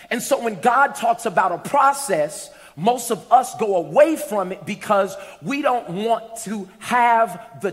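A man preaching a sermon to a congregation, telling a story and building to shouted peaks. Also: high voice, big-room sound. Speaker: pastor. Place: church hall with congregation.

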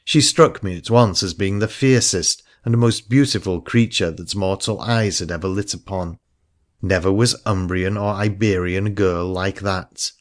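Deep-voiced man reading an adventure tale. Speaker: audiobook narrator. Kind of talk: scripted first-person narration.

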